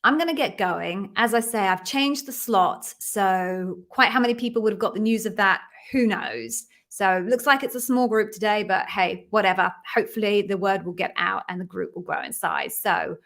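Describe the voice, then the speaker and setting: A middle-aged woman from London hosting a live stream, chatting warmly with viewers and greeting each by name before explaining her work as an interview coach. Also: medium pitch, moderate pace, vocal fry, few pauses. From London, England.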